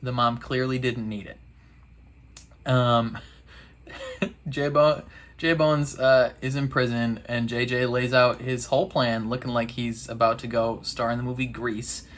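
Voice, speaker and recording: A man's voice: medium pitch, level tone, measured pace, fairly bright tone. A man casually recapping a TV episode, laughing often and talking in a loose, slangy way. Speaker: reaction video host.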